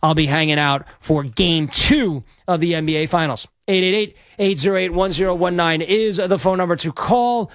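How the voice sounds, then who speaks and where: A man's voice: high voice, moderate pace, few pauses, fairly bright tone, no echo, clean studio sound. A man hosting sports talk radio, brash and rambling as he plugs an event and takes calls. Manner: brash, rambling, self-promoting. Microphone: studio microphone.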